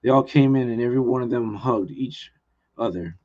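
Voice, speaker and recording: A man's voice: mid-range voice, brisk, a little mellow. Male author, mid-range voice, earnest first-person reading, muffled lo-fi stream sound. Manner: plain, earnest reading with small restarts. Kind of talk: live reading of his own novel.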